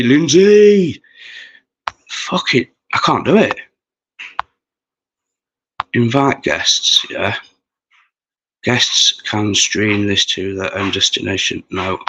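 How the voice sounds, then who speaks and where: Man, forties, livestream host, casual sweary chat, bright tone. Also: mid-range voice, dull audio. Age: 40s. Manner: rambling, sweary, chatty with viewers.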